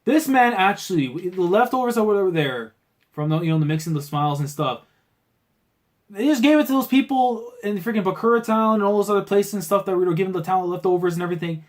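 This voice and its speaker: Excitable slangy man reacting live. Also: sits high, brisk. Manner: excitable, swings from muttering to shouting; casual slangy talk, keeps saying bro. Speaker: manga reaction channel host.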